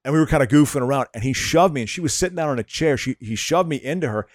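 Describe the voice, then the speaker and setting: Lively, stammering man telling stories. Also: medium pitch, racing, no room sound, studio quality. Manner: rambling storyteller with stammered restarts, swears. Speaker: podcast co-host. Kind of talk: casual chat.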